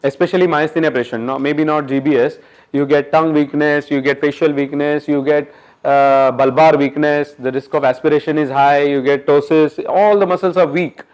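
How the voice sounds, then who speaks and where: A man giving an interactive medical lecture at a workshop, quizzing the audience in a coaxing, brisk way. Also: a little high, fairly even intonation, a little mellow.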